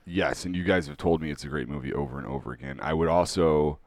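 A man with a very deep voice co-hosting a casual podcast, joking around and talking at length. The sound is close and dry. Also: fast talker, darkish tone, dry recording. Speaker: podcast co-host. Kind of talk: casual chat.

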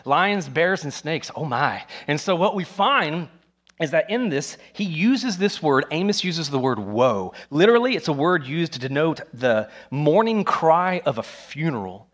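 A man preaching a sermon as pastor, animated and acting out stories. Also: on the high side, measured pace. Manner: animated, acts out scenes with voices.

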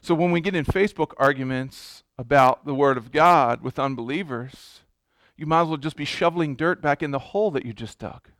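High-voiced preaching man, dry sound. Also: fairly quick, fairly bright tone, dry recording. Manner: emphatic preaching with repeated words and restarts. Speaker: pastor. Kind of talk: sermon.

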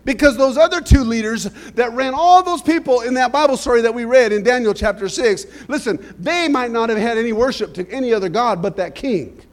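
A man's voice: extremely high pitch, brisk, few pauses. A middle-aged man preaching a sermon, telling stories and asking the congregation "amen?". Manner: storytelling, frequent "amen?" to the congregation. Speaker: pastor.

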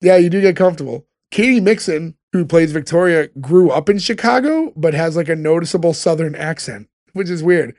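A man's voice: on the high side, animated, a little fast, hardly any pauses, darkish tone, no echo, studio quality. A man hosting a casual podcast, talking loosely with lots of fillers. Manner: loose, rambling, frequent fillers. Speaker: podcast host. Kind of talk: casual chat.

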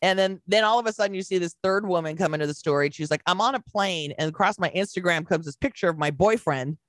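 A woman co-hosting a podcast, retelling a story with lively acted-out quotes and casual swearing. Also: fairly low pitch, fast, no room sound. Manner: animated storyteller acting out quotes, swears freely. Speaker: podcast co-host. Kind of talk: casual chat.

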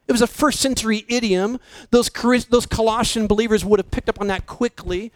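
High-voiced man preaching a slow sermon. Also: fairly even intonation, no echo, poor audio. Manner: slow, emphatic preaching with dramatic drops to near-whisper. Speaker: pastor.

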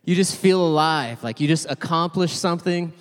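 A man's voice: fairly high pitch, normal speed. A man in his thirties preaching a casual, conversational sermon, telling a family story with self-deprecating humor and lots of asides. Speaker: pastor. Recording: long hall reverb.

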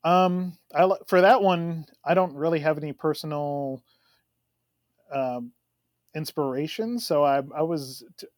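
A young man co-hosting a podcast, telling stories in an animated, laughing way. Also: on the high side, measured pace, no room sound, studio quality. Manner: animated, storytelling with frequent laughs. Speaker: podcast co-host. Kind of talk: casual chat.

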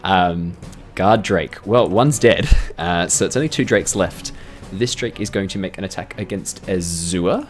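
A man's voice: deep voice, measured pace, faint music behind. Laughing man running a tabletop game. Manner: chatty, laughs often, sort-of hedging. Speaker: dungeon master.

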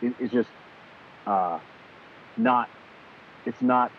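A man talks in an animated, casual way and swears freely as he acts out conversations. His voice comes through thin and phone-like. A faint hiss sits underneath it. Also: mid-range voice, slow pace.

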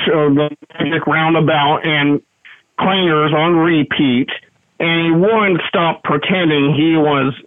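A man's voice: on the high side, no echo. A man calling in to voice a grumpy male cartoon squid neighbor, telling his story in a dry, put-upon way. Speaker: caller. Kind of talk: prank voicemail impression. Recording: phone-line voicemail.

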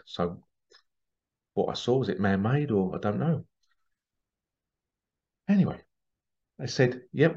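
A man's voice: lowish voice, a little mellow. A man from England telling a rambling, casual story in a monologue, full of restarts and asides. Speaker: spiritual channel host. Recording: dull lo-fi sound.

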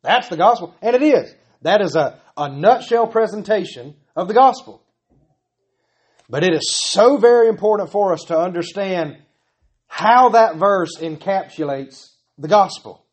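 A man's voice: sits high, animated, a little slow, breathy edge. A man preaching a sermon, earnest and pleading, building his points through repetition. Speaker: pastor.

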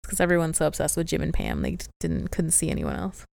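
A woman's voice: sits low, huge pitch swings, fast, creaky, a little mellow. A woman co-hosting a casual podcast at home, chatting and recapping a TV show, laughing often. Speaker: podcast co-host. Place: home, with a cat.

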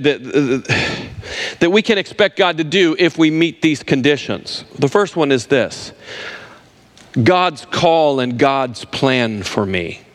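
Male preacher, slightly high voice, emphatic sermon delivery that leans on repetition. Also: a bit bright. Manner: emphatic, repeats words for stress, addresses listeners directly.

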